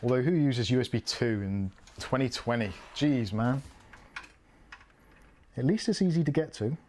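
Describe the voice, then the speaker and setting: A man's voice: medium pitch, animated, moderate pace, darkish tone, slight background noise. Chatty British man building a PC. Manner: chatty, self-mocking, thinking aloud while working. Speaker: PC build streamer. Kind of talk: casual live commentary.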